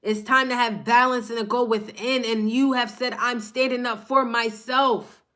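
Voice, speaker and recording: A woman's voice: fairly high pitch, fairly even intonation, normal speed, fairly bright tone. A woman giving a passionate, fired-up spiritual card reading on her phone from her table at home, repeating lines for emphasis. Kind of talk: live-streamed motivational reading.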